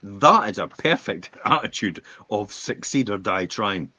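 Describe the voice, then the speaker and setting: A man co-hosting a business podcast in casual chat, an animated storyteller who acts out quotes. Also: lowish voice, a little slow. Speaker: podcast co-host. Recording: dull lo-fi podcast audio.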